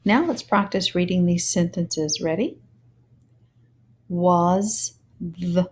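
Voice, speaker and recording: A woman teaching a phonics lesson, speaking slowly and deliberately and spelling words out letter by letter. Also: lowish voice, darkish tone.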